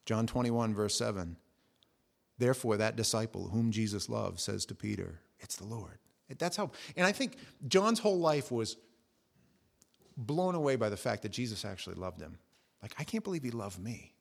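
A middle-aged man preaching a sermon, telling the story with lively, acted-out quotes. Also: moderate pace, gravelly. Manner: animated storytelling, acting out quotes with jumps in pitch and volume. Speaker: pastor.

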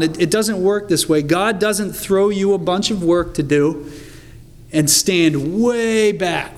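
A man preaching a sermon in an earnest, conversational way, reading scripture aloud with emphasis. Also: sits high. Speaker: pastor.

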